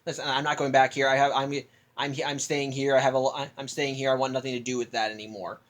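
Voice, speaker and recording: A man voicing a weary woman warrior who flatly refuses. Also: mid-range voice, fast, pitched below the performer's own voice, lightly acted. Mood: dismissive.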